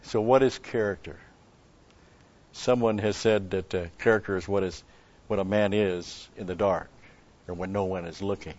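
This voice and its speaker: Low-voiced preacher giving a sermon. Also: male voice, fairly even intonation, moderate pace, long pauses, a little mellow, dull audio. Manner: storytelling with rhetorical questions, chuckles.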